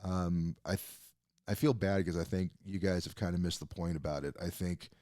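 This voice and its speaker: Low-voiced rambling male podcaster. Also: fairly even intonation, normal speed, warm tone, no echo, studio quality. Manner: rambling, frequent fillers and restarts, casual swearing. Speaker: podcast host. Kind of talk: casual film review. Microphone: close desk mic.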